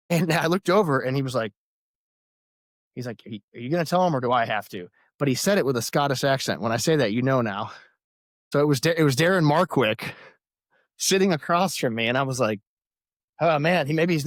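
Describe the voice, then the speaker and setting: Man, veteran guest, mid-pitch, dry close sound, animated storyteller who laughs a lot. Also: no echo. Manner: lively anecdotes with frequent laughter and acted-out quotes. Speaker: podcast guest, Army veteran. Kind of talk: casual storytelling.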